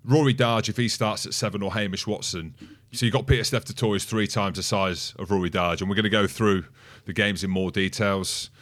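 Male podcast co-host, low voice, thinks aloud, casual and measured. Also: steady tone, fairly bright tone. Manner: thoughtful, talks through ideas aloud. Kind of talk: casual sports chat.

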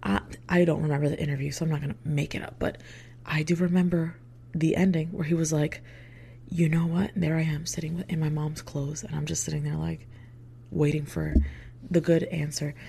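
Young adult woman, low-pitched and gravelly, chatty storyteller who swears and slips into whispered asides. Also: little pitch movement, brisk, slight background noise. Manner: chatty, swears freely, heavy filler words; drops into hushed whispered asides. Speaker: vlogger. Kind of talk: casual storytime.

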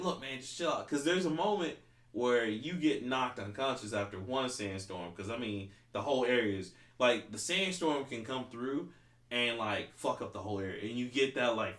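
A man with a fairly low, slightly bright voice hosts a podcast, rambling and swearing through casual conversation. He uses "like" constantly as filler, and the recording sounds roomy and echoey.

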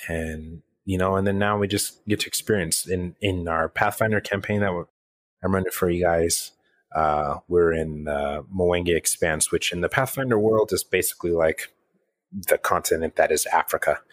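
A man's voice: deep voice, fairly even intonation, moderate pace. A man co-hosting a casual podcast chat about running tabletop games, rambling with many restarts. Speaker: podcast co-host and game master.

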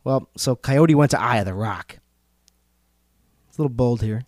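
A man's voice: mid-range voice, normal speed, darkish tone, no room sound, clean studio sound. A man hosting a casual storytelling podcast, retelling a legend in a loose, joking way.

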